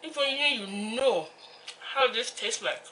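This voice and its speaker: A woman's voice: on the high side, expressive, a little slow, sharp tone, slight background noise. A young Nigerian woman hosting an eating show, chatting in a hyper, playful way and slipping into song and Yoruba asides. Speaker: mukbang host. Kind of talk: casual eating-show chat.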